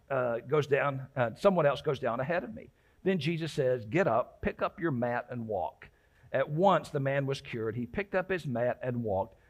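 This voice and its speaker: Male pastor with a slightly higher voice, chatty sermon delivery that stops and restarts and dramatizes quotes. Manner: conversational preaching with frequent restarts and acted-out quotes.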